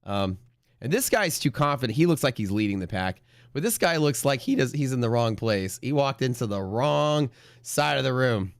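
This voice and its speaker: A man hosting a live day trading stream, chatting casually and joking, then pitching his trading classes. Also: sing-song, moderate pace, dry recording, clean studio sound. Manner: joking, laughs at his own jokes.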